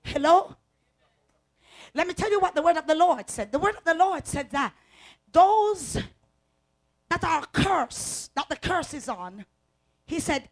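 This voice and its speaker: A woman preacher delivering a fervent sermon, calling out to the congregation and swinging from quiet talk to shouting. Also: lively intonation, a little slow, long pauses. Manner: call-and-response, swings from low talk to shouting.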